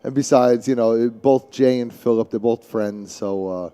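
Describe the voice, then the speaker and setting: A man's voice: medium pitch, measured pace, dark tone, smooth. A man from Staten Island with a thick New York City accent, chatting and rambling as a guest commentator on live pool. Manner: chatty, rambling, with many restarts.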